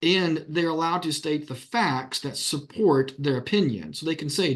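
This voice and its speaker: A man's voice: on the high side, moderate pace, few pauses. A man, an attorney, giving a conference talk in a plain-spoken way, acting out the questions he puts to witnesses.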